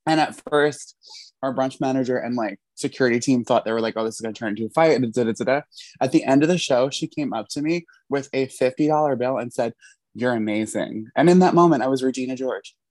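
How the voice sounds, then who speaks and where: A laid-back podcast guest with a mid-pitched voice tells a story in a casual chat. The mic is close and dry, with almost no room sound. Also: brisk, a little mellow, no room sound.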